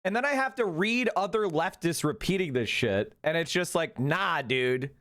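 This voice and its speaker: A man on a live stream, venting in a profane, exasperated rant. His voice sits high for a man and leaps up and down as he hammers his points home. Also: animated, moderate pace, a bit bright. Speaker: political streamer. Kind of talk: ranting live commentary.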